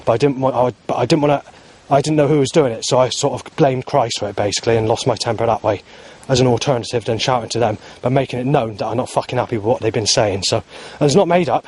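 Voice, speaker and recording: A man's voice: mid-range voice, fast, a little mellow, slightly rough, no room sound. A man talking to camera outdoors in a rambling, agitated vlog monologue, full of fillers and restarts. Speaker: vlogger. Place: outdoors in the heat.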